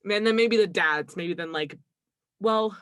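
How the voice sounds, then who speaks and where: A woman's voice: mid-range voice, unhurried, fairly bright tone, clear, resonant tone, dry recording, studio quality. A young woman co-hosting a casual podcast, talking animatedly, laughing often and acting out quotes. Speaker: podcast co-host. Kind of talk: casual chat.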